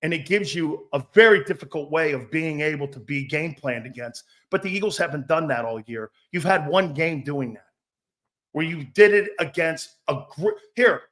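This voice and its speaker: A man hosting a sports talk stream, brash and profane, reading chat comments and firing back with loud outbursts and mocking asides. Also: a little high, moderate pace. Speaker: sports talk show host.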